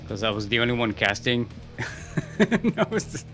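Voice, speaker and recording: A man with a mid-pitched voice co-casts a live strategy game, his delivery loose and dry, yet his pitch moves around a lot. Faint music sits under his voice. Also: big pitch swings, a little slow, a bit bright. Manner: laid-back, dry and teasing. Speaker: esports caster.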